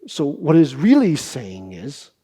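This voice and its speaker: A middle-aged man giving a Buddhist dharma talk as a meditation teacher. He explains things at an unhurried pace, asking rhetorical questions and often adding "right?". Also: a little high, huge pitch swings, warm tone, slightly rough.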